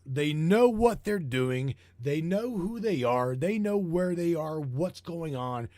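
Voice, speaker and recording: A man hosting a broadcast, talking in a heated, profane, rambling way and repeating himself, his voice getting hoarse. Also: on the high side, animated, slow, dark tone, no room sound. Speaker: broadcast host. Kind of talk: rambling conspiracy talk show.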